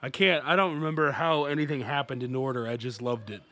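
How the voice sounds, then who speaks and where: A man co-hosting a casual podcast, jokey and quick to laugh. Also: mid-range voice, no room sound. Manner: laughs often, animated and jokey. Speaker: podcast co-host. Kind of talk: casual chat.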